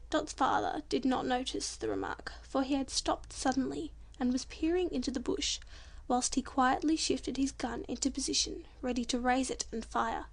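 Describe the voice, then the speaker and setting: A woman reading a children's storybook audiobook in a gentle, expressive narration. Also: high voice, normal speed, creaky.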